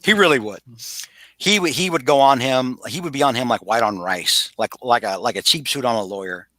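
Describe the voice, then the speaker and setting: A man's voice: medium pitch, fairly quick, pushed and bright, no echo. A man co-hosting a casual podcast chat, recapping a story animatedly with acted-out quotes and frequent restarts. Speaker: podcast co-host.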